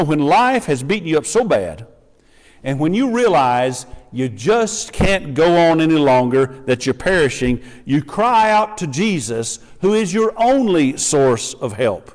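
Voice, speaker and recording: A man's voice: fairly high pitch, a little mellow. A middle-aged man preaches in a church, his voice rising and falling with a lot of animation. He drops into quoted voices to act out the people in his story. The sound rings out with a long hall reverb. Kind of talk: sermon. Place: church sanctuary.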